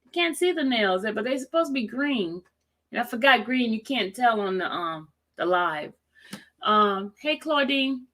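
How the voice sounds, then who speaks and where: A woman hosting a casual livestream, greeting viewers by name and reading slowly and deliberately. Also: on the high side, animated, a bit bright. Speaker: livestream host.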